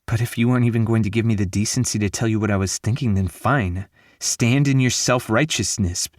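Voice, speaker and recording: A man's voice: on the low side, fairly quick, no room sound, lightly acted. Male reader doing a hurt young woman in love, emotional, raised voice, dry read. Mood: pleading.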